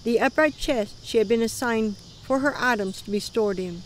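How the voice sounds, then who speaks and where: A woman reading her dream account aloud in a calm voice that often drops to a murmur. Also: on the high side, moderate pace, a little hiss or hum. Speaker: ministry dream teller.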